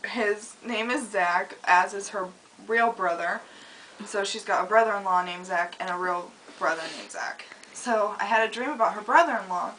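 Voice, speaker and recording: A young woman chatting casually on a home video, telling stories with lots of giggling and loud acted-out quotes. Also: medium pitch, moderate pace, far from the mic, slight background noise, poor audio. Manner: giggly storytelling, acts out quoted lines loudly. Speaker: vlogger. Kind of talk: casual chat.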